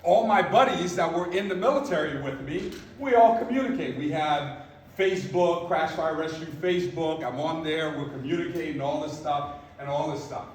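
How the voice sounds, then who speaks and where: A man's voice: fairly high pitch, moderate pace, slight background noise. A man in his fifties giving a motivational talk, emphatic and repeating his points, often asking "right?". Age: 50s. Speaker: motivational speaker. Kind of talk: motivational talk to a live audience. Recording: echoey room from far off, faint background ambience.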